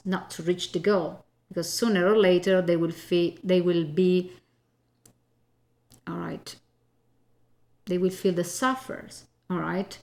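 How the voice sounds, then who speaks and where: A woman voice coach giving a spoken lesson in an emphatic way, often checking in with "okay?" and repeating her key points. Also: lowish voice.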